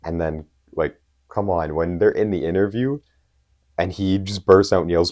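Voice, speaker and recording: A man's voice: low voice, normal speed, a little mellow. A young man co-hosting a podcast, talking casually and emphatically as an enthusiastic fan. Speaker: podcast co-host. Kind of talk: casual chat.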